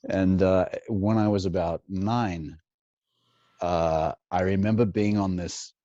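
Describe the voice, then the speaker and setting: A man's voice: deep voice, fairly even intonation, slow pace, mellow, no room sound, lo-fi sound. A man from Australia, a guest impressionist telling stories in a chatty way, laughing often and repeating words as he starts. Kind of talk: casual interview storytelling.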